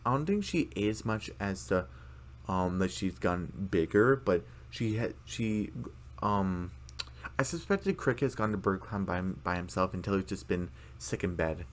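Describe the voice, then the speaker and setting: A man with a fairly low voice talks through a cartoon episode in a loose, casual recap. He rambles, full of fillers and restarts. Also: expressive, normal speed, a little hiss or hum. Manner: rambling, many fillers, acts out characters' lines. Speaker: video commentator.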